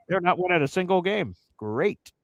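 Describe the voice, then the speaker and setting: A man hosting a casual sports talk show, excitable and mocking as he talks. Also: high voice, no room sound, highs cut off. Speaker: sports podcast host.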